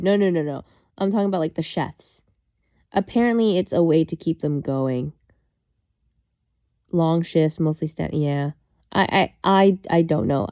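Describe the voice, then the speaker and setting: A woman's voice: sits low, mellow. Rambling woman streamer chatting. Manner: rambling, with frequent restarts and filler words; self-conscious, apologetic aside. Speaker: livestream host. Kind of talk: casual chat with stream viewers.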